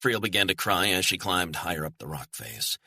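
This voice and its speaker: A man reading a thriller audiobook in measured, storytelling narration. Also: deep voice, big pitch swings, gravelly, sharp tone, no echo.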